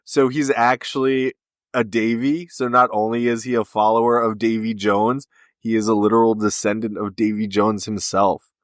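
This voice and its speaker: A low-pitched man co-hosts a podcast in easy conversational recap mode. He walks through each scene and slips into the characters' lines as he goes. The sound is dry and close, with no room around it. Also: flat delivery, moderate pace, no echo. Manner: retells scenes with quoted dialogue. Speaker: podcast co-host. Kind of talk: casual recap chat.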